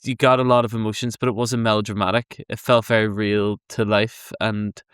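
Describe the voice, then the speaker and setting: A man's voice: fairly low pitch, level tone, fairly quick, a bit bright, clear, resonant tone, dry recording, studio quality. A man on a podcast, earnestly reflecting and sharing personal stories in casual discussion.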